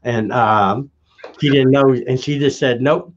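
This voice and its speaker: A man's voice: medium pitch, steady tone, a little slow, a little hiss or hum. Man telling a rambling story. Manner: rambling anecdote with restarts and acted quotes. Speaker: guest. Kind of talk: casual storytelling. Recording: dull lo-fi audio.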